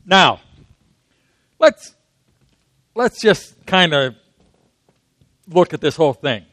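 A man's voice: a little high, big pitch swings, slow, a bit bright, no echo. A man preaching a sermon in a conversational way, often asking the congregation questions.

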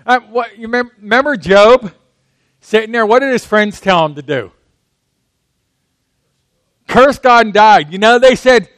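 High-voiced man preaching a conversational sermon. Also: expressive, measured pace, pauses often, fairly bright tone, no room sound. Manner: conversational, asks the congregation questions.

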